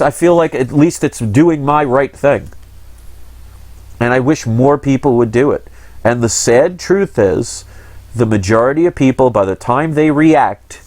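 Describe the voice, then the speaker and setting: A man's voice: mid-range voice, no room sound. A man speaks straight to his channel in a loose, earnest monologue, circling back on his points with restless frustration. His voice sits in an ordinary middle register. The sound is close and dry, with no room around it. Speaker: channel host. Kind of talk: casual monologue.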